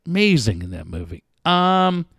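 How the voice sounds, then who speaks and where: A man's voice: a little high, normal speed, vocal fry, no room sound, studio quality. A man hosting a casual chat, telling stories with lots of swearing. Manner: profane, animated storyteller.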